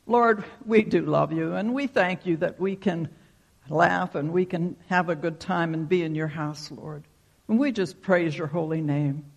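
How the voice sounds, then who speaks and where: A man's voice: a little high, creaky. A man preaching a sermon, telling a folksy story and leading a prayer. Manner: folksy storytelling, acts out shouted quotes. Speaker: pastor.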